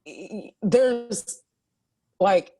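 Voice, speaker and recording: A woman's voice: mid-range voice, lively intonation, drawn-out words, mellow. A woman from Ohio, a chef, talking animatedly as a podcast guest, often restarting her sentences. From Ohio, USA. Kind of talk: casual interview chat.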